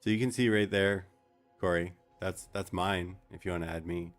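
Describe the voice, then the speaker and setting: Deep-voiced joking male game streamer. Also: moderate pace, soft background music. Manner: relaxed, joking, talks a friend through the game. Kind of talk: casual gaming chat with viewers.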